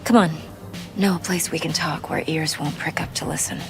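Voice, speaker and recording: A woman playing a guarded game character who speaks in a cool, measured way. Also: low-pitched, steady tone, creaky, music in the background.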